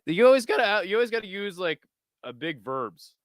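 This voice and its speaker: A young man streaming for his chat, telling rambling stories with frequent laughs and casual swearing. His slightly high voice swings widely in pitch. The sound is close and dry, with no room around it. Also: a little fast, dry recording. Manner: laughs often, swears freely, animated storytelling. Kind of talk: casual chat with viewers while watching videos.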